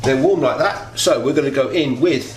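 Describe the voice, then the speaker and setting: A man's voice: medium pitch, moderate pace, slight background noise. A man hosting a casual cooking demonstration at home, chatting to viewers in a rambling, friendly way as he works. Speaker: home cooking video host. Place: home kitchen. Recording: echoey kitchen with clattering pans.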